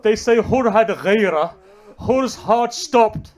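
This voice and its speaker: A man's voice: high-pitched, expressive, takes it slowly, a little mellow. A man delivering a Muharram sermon, retelling a story with rising and falling emotional intensity. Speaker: religious speaker.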